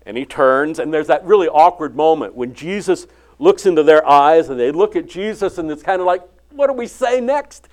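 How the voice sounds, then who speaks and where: An older man preaching a sermon, retelling the Bible story and acting out its dialogue with lively inflection. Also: a little high, a little fast. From California.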